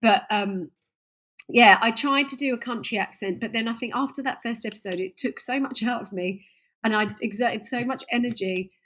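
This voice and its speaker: A chatty woman chatting on a podcast as a guest, with a voice pitched slightly high. She laughs easily and brings animated energy to her stories. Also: moderate pace. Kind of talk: casual interview chat.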